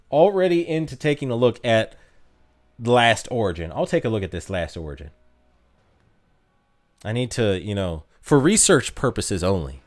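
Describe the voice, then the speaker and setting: An American man streaming a mobile game, reading chat aloud and joking about his own pronunciation. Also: lowish voice. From United States. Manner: reads chat aloud, joking, playfully self-deprecating. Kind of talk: casual live-stream chat.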